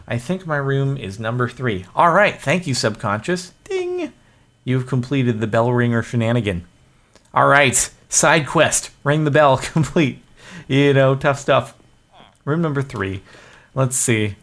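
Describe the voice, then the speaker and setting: A man's voice: medium pitch, a bit bright. Man, gaming host, casual self-mocking commentary. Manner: jokey, self-mocking, chatty.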